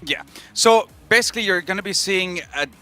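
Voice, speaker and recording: A man on an esports analyst desk explaining how teams will play. He talks quickly in a bright voice, with faint music behind. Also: high voice.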